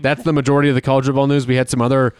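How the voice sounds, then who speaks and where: A man co-hosting a casual sports podcast who talks in an easygoing, opinionated flow, with plenty of "like" and "I mean." His voice is smooth and clear, at a middle pitch. The recording is dry and close-miked. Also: little pitch movement, rapid-fire, no room sound. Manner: conversational, filler-heavy, opinionated. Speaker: podcast co-host.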